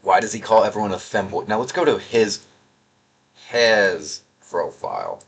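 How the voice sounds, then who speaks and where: A man's voice: lowish voice, lively intonation, moderate pace, gravelly, slightly rough. A young man doing casual, sarcastic gaming commentary, reading out chat messages in a rambling, mocking way. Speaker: gaming video creator.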